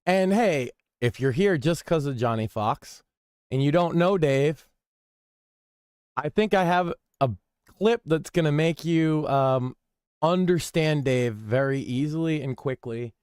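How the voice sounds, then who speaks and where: Smooth-voiced man hosting a commentary stream. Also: on the high side, a little slow, a little mellow, dry recording, clean studio sound. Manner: wry, offhand, reading out forum posts. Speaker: stream host.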